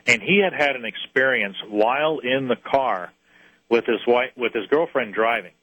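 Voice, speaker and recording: A man's voice: mid-range voice, a bit bright, dry recording, low-quality recording. A man who researches UFO experiences, earnestly recounting one of his cases in an interview and often restarting his phrases. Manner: earnest storyteller, halting restarts.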